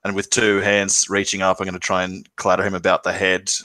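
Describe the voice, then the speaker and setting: A man's voice: low voice, completely flat delivery, a little fast, pushed and bright, no echo. A man playing a tabletop game, asking the game master questions in a hesitant way. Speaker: player. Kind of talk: casual tabletop game play.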